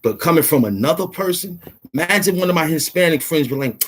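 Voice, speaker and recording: A man, hosting his own channel and lecturing straight to camera in an impassioned, slangy rant from a warm indoor room. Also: fairly high pitch, expressive, fairly quick, slightly rough. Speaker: YouTube host.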